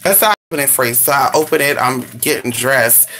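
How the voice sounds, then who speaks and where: A woman's voice: very deep voice, lively intonation, fast talker, a bit bright, slight background noise. A woman chatting casually with her viewers, sassy and exclamatory, and she swears freely. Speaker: vlogger. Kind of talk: casual live chat to viewers.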